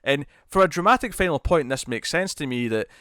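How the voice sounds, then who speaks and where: A man co-hosting a casual review chat, talking in animated bursts full of restarts and repeated words. His voice sounds smooth and resonant. The recording is dry, with no room sound. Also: fairly high pitch, fairly quick, no echo. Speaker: podcast co-host.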